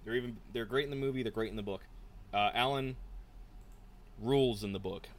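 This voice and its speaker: A man co-hosting a casual book podcast, rambling and animated, slipping into quick impressions of characters. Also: medium pitch. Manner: rambling, animated, mimics characters mid-story. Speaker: podcast co-host.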